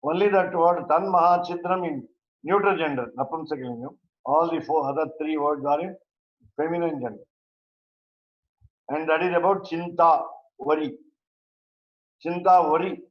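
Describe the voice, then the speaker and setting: A man teaching a verse-by-verse scripture class, speaking haltingly with many pauses and fillers. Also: fairly high pitch. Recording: roomy, dull lo-fi recording.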